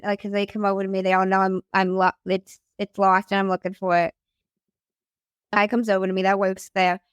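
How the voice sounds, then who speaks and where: Young woman yapping thru a wild travel story, swears a lot, acts out every line, smooth clear voice, dry sound. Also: medium pitch, dry recording. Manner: animated, profane, acts out quotes. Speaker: podcast host telling her story as guest. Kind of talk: casual storytelling chat.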